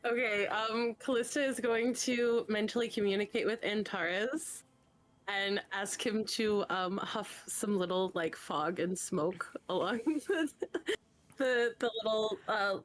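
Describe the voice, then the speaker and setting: A woman describes what her character does in a tabletop game, keeping it playful and full of giggles. Her voice sits at a middle pitch. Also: slow.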